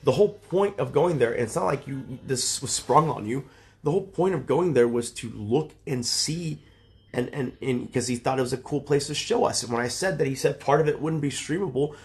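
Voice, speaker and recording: A man's voice: medium pitch, brisk, darkish tone. A man in his thirties arguing heatedly on a livestream, lecturing and exasperated, swearing often. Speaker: streamer.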